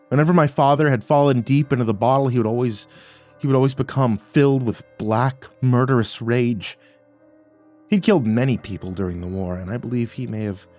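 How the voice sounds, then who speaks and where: A man narrating a first-person horror story in a dramatic way, at times rising to near-shouts. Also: mid-range voice. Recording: faint music underneath.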